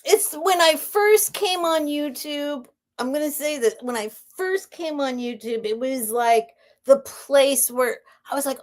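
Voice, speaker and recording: A woman's voice: sits high, lively intonation, unhurried. A woman casually chatting on a live stream as she hosts a vintage sale, rambling and laughing as she interrupts herself. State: near tears.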